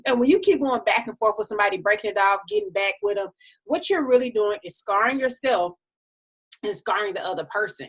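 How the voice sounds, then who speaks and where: A woman's voice: mid-range voice, animated, fairly quick, husky. A woman hosting a casual motivational podcast, talking in a chatty, direct way while her mouth is sore from the dentist. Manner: chatty and direct, addresses listeners as y'all. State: sore mouth after a dental visit. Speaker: podcast host.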